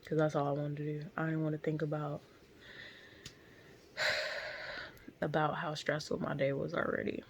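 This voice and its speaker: A young woman vlogging from her car, telling a story in a blunt, profane, animated way. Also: low voice, quick pace, creaky, hardly any pauses, a little hiss or hum. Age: young adult. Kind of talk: casual storytelling.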